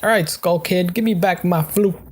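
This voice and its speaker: A man's voice: high-pitched, normal speed, slight background noise. Rambling man narrating his gameplay. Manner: rambling, joking storyteller. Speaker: gaming video host. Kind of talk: casual gameplay commentary.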